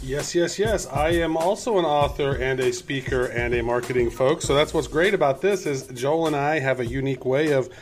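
A man's voice: mid-range voice, soft background music. A man co-hosting a casual podcast, talking in an upbeat, eager way. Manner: upbeat, eager, quick to agree. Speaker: podcast co-host.

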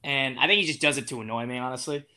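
A man's voice: medium pitch, racing, bright, forceful tone. A young man as an interview guest, talking in a casual, rambling way with lots of fillers and restarts. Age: young adult.

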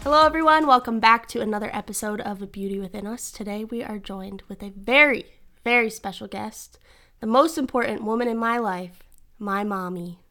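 A woman's voice: fairly high pitch, fairly quick, pushed and bright. Giggly young woman podcast host. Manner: giggly, teasing. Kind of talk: casual podcast chat.

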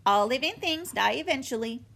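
A woman voicing a gentle, calm female robot mother who speaks in polite, formal sentences. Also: high-pitched, normal speed, gravelly, voice pushed up, exaggerated voice.

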